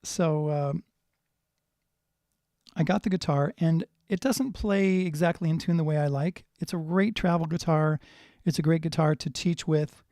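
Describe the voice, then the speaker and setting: Relaxed man teaching guitar. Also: a little high, a little slow, dry recording, clean studio sound. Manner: relaxed, thinking aloud while tuning. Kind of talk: live-streamed guitar lesson. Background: guitar playing.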